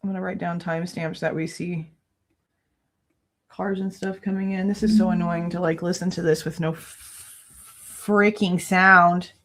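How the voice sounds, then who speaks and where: A woman's voice: on the low side, level tone, normal speed, dark tone. A woman hosting a casual true crime livestream from home, exasperated and ranting, swearing loosely and thanking viewers between complaints. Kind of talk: casual livestream reaction chat. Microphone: no headphones, desk mic.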